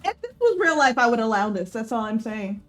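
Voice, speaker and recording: Young woman streamer, giggly and flustered, high voice, swooping pitch. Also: very animated, brisk, faint music behind. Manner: giggly, flustered, loud outbursts. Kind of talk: reading a visual novel aloud on stream.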